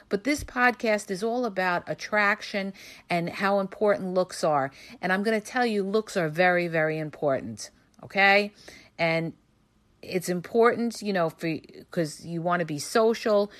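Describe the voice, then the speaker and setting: A woman hosting a podcast, giving emphatic, coaching advice to listeners, checking in often with "okay?" and "all right?". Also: fairly low pitch. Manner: addresses listeners as "you guys". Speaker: podcast host. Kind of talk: casual advice monologue.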